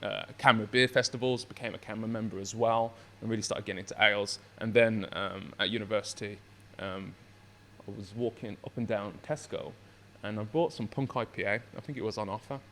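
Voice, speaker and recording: A man, a brewery founder chatting as a podcast guest, telling excitable, rambling stories. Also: fairly low pitch, a little fast. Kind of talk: casual chat.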